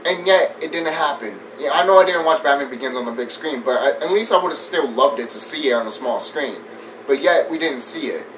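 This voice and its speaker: A man giving a casual, animated movie review rant. He swears often, laughs a lot and mimics scenes as he talks. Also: on the high side, a little fast. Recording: distant mic with faint background noise.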